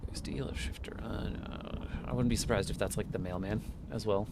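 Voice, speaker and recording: A man's voice: on the low side, a little fast, vocal fry, very noisy. A man streaming a game in casual chat, talking to his viewers and reading game text aloud. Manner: chatty, talks to chat and reads game text.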